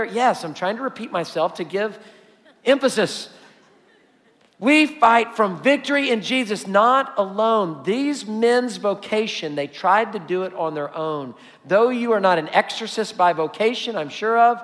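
High-voiced preaching man in a reverberant hall. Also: expressive, unhurried, fairly bright tone. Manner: emphatic preaching with repetition. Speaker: pastor. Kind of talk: sermon.

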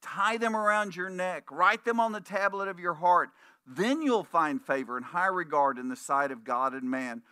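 A man delivers a conversational sermon as a pastor, telling stories and voicing the people in them. His voice is bright and a little higher than most men's. It sounds dry and close, with no room echo. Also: lively intonation, moderate pace, clean tone. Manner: conversational preaching with anecdotes and restarts; puts on voices when quoting people in stories.

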